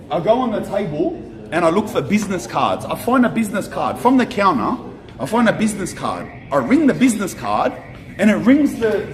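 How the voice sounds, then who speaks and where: A young Australian man tells a story on a vlog outside a shop, animated and slangy, swearing and repeating himself. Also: high-pitched. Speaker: streamer. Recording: echoey with faint ambient noise.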